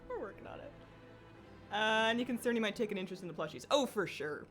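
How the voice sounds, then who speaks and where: Woman game streamer, mid-range voice, lively and animated, casual chat with frequent laughs. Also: fast talker, music in the background. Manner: chatty, laughs often, coos at her pets in a high sing-song.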